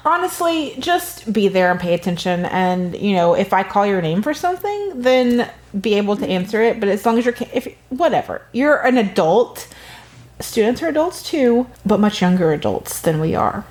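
Animated woman podcast host. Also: normal speed. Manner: animated, joking, lively pitch swings. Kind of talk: casual chat.

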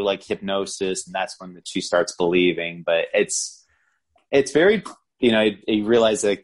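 A man with a fairly low voice talks through a movie in a loose, rambling way. He laughs into his sentences as he goes, like a relaxed podcast co-host. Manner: rambling, laughs while talking. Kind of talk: casual movie review chat.

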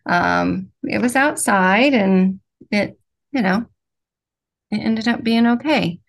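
A woman's voice: mid-range voice, slow pace. A woman co-hosting a podcast, chatting casually and trailing off with fillers. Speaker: podcast co-host. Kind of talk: casual chat.

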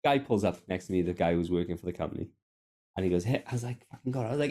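This man talks rapid-fire in a lowish voice as he co-hosts a podcast, recorded on a podcast mic. Telling stories in casual chat, he is sweary, animated, and quick to make fun of himself.

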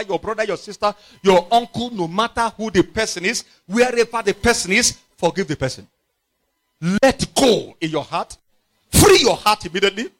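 A man preaching a sermon, emphatic and repetitive, swinging from loud outbursts to quiet, low phrases. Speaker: pastor.

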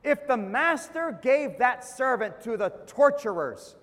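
A man's voice: high voice, animated, normal speed, fairly bright tone. A man preaching a sermon as pastor, with emphatic dips and rises and calls for an amen. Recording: long hall reverb.

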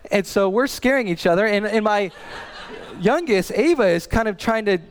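A man in his thirties preaching a sermon as a pastor, telling a family story in a lively way and often repeating and restarting words. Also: high-pitched, normal speed, big-room sound, a little hiss or hum.

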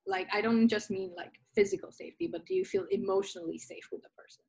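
Relaxed relationship coach, woman, raspy and husky, very lively pitch. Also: quick pace, poor audio. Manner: relaxed, lots of "like" fillers. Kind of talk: casual podcast chat.

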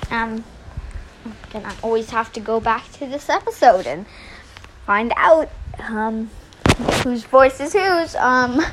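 Slow, high-voiced rambling woman. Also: animated, fairly bright tone, a little hiss or hum, low-quality recording. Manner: rambling, hesitant, many fillers. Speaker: podcast host. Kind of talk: casual chat. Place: indoors at home. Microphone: phone.

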